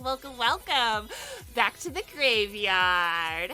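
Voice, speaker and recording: A young woman streamer chatting casually and excitedly, a little out of breath and stuffy-nosed. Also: on the high side, slow pace, soft background music. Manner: bubbly, chatty, excitable greetings. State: stuffy nose. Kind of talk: casual live-stream chat.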